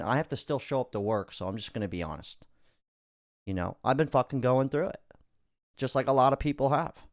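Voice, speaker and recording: A podcast host talks bluntly and swears freely. His pitch rises and falls a lot as he swings between loud and quiet. The sound is dry and close. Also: dry recording. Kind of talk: casual podcast commentary.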